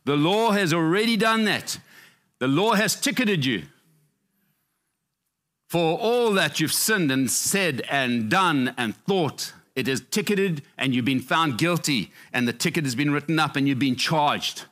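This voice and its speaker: A man's voice: lively intonation, measured pace, a bit bright. Passionate male pastor preaching. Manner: passionate, repetitive emphasis, swinging up and down in pitch. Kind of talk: sermon.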